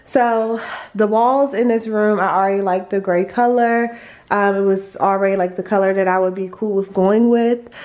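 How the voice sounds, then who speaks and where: In a mid-range voice with a darkish tone, a young woman excitedly tours her family's new, empty home on a handheld phone. The vlog is chatty and gushing, loaded with fillers, and she's a little winded as she goes from room to room.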